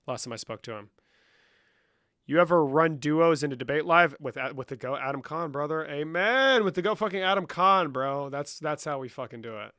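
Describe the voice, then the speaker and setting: A young man with a higher-pitched voice and lively intonation chats on a live stream at a normal pace, his tone sharp and the sound dry and studio-clean. He banters with viewers in a profane, joking way, switching between English and Spanish and answering chat questions out loud in casual conversation.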